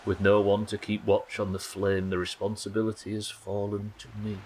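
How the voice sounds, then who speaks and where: A man voicing a solemn, ghostly old male sea captain, reading slowly and gravely with a very deep voice. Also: monotone, darkish tone, slight background noise, lightly acted, rough recording. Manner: slow, low, grave quest-text reading.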